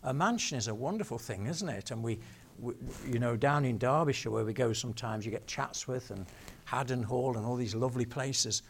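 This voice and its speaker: A man preaching a sermon, telling stories and slowing down to stress key words. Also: mid-range voice, vocal fry, slight background noise.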